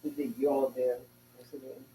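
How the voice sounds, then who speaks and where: Student guy reading hebrew slowly, kinda unsure, dark mellow voice, echoey room w/ hum. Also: medium pitch, flat delivery. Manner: hesitant, slow, sounding out words. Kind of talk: reading aloud in class.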